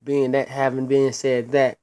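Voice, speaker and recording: Man, mid-pitched, solo wrestling reviewer; blunt, profane, repetitive rant. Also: flat delivery, measured pace, dark tone, clean tone. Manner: blunt, profane, repeats words when worked up.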